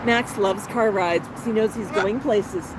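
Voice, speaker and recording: A woman's voice: mid-range voice, measured pace, noisy background. A woman hosting a casual livestream on an outdoor patio, chatting to her pet bird and her viewers by turns. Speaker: parrot channel host.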